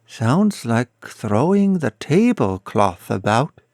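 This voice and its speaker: A man voicing a slow-witted male country innkeeper in an audiobook, with plain rustic speech. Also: medium pitch, sing-song, darkish tone, dry recording, clean studio sound. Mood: puzzled.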